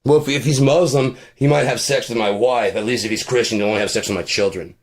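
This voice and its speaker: A man's voice: medium pitch, fast talker. A man giving a casual, profane, rambling rant with a sarcastic edge, as host of his own show. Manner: swears constantly, rambling, sarcastic. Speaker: podcast host.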